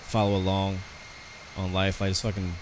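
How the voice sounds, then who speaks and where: A man's voice: deep voice, completely flat delivery, moderate pace, noisy background. An American man chatting casually and rambling through live commentary on his flight sim stream, talking to his viewers.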